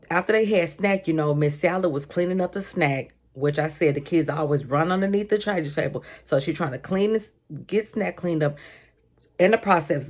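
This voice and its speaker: Chatty woman with a lowish voice. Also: darkish tone. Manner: chatty, addresses listeners as y'all, lots of asides. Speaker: vlogger telling a workplace story. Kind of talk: casual storytime.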